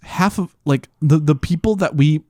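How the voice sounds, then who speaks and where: A man's voice: a little high, normal speed, warm tone, no echo, studio quality. A young man co-hosting a casual podcast chat, rambling and restarting his sentences. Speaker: podcast co-host.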